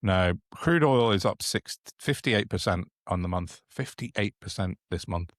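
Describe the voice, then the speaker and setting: A man with a deep, low voice co-hosts a casual podcast. He rambles and restarts his sentences, sounding indignant about the news. The sound is dry and close. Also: animated, unhurried, no echo. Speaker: podcast co-host. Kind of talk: casual political chat.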